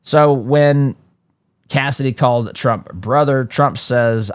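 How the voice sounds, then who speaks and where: A man hosting a political talk show, reading news reports aloud and adding quick, emphatic asides with frequent restarts. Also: medium pitch, smooth, no echo, clean studio sound. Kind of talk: political commentary monologue.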